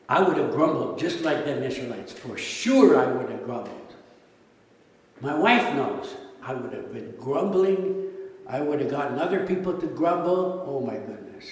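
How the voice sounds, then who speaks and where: Male pastor, jokey animated sermon, boomy reverberant hall, distant mic. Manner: animated, jokey, rhetorical questions. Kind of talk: sermon with slides. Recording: echoey hall from far off.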